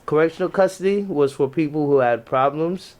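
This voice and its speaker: Chatting casually on a podcast, this man swaps military stories from his navy days in slang-heavy talk, frequently starting his sentences over. He comes from a Jamaican family and has a New York accent. His voice is fairly high and darkish, and his delivery brisk.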